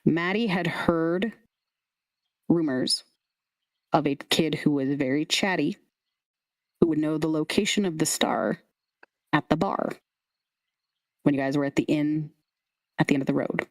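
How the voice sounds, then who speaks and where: A woman's voice: low-pitched, unhurried, pauses often, dry recording. A woman game master casually narrating a tabletop game, with laughing asides.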